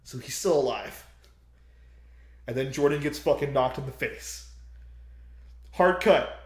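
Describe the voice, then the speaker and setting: Animated, profane young man retelling a movie. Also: mid-range voice, unhurried, reverberant. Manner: animated, profane storytelling with loud acted-out screams. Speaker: podcast co-host. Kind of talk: casual chat, retelling a movie plot.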